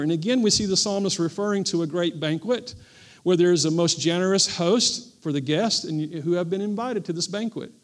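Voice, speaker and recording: A man with a notably high-pitched voice preaches a sermon as pastor of a church. He drives his points home through emphatic repetition and calls on the congregation to answer him. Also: normal speed. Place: church service.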